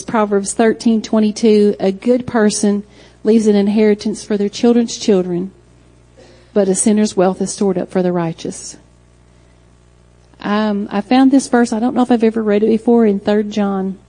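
A middle-aged woman preaches in a mellow, dark-toned voice. She speaks earnestly and encouragingly, reading scripture aloud to the congregation. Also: medium pitch, steady tone, normal speed, rough recording. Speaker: church speaker. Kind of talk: closing sermon exhortation.

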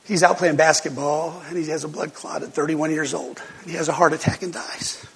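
An older man preaching a sermon, telling folksy stories with sudden loud outbursts. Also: a little high, fairly even intonation, a little fast, vocal fry, breathy edge. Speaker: pastor. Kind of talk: sermon storytelling. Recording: long hall reverb.

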